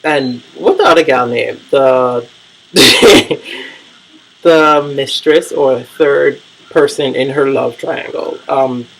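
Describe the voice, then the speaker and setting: Gravelly man with blunt gossip. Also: fairly high pitch, a bit bright, low-quality recording. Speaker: vlogger. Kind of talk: casual reality-TV commentary vlog.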